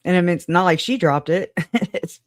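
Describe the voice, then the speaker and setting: A woman's voice: lowish voice, moderate pace, dry recording, studio quality. A woman hosting a casual livestream, greeting viewers by name, chatty and frank, laughing often. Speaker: livestream host.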